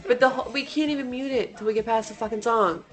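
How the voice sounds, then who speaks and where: A woman co-hosting a casual podcast about bad movies, blunt and quick to swear. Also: fairly high pitch. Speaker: podcast co-host. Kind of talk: casual movie review chat.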